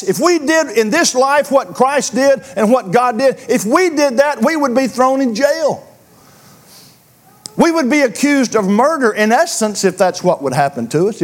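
A man preaching a sermon to his congregation, earnest and questioning, often repeating words as he builds a point. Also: high-pitched. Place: church.

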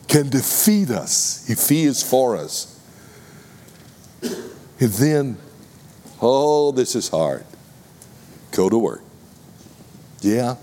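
A man with a Texas accent preaching a sermon, deliberate and addressing the congregation with questions. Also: mid-range voice, big pitch swings, a little mellow, long reverb tail.

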